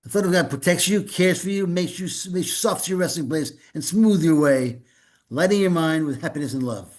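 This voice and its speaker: Man, minister, informal sermon, rambling, repeats words, folksy, slightly high voice. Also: lively intonation, brisk, a little mellow. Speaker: minister leading a spiritual gathering.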